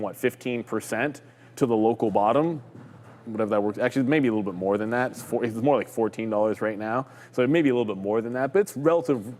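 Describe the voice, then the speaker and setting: Co-hosting a live trading stream, a man with a mid-range, darkish voice chats loosely about stocks, joking around and using plenty of fillers. He sounds like he's in a large hall.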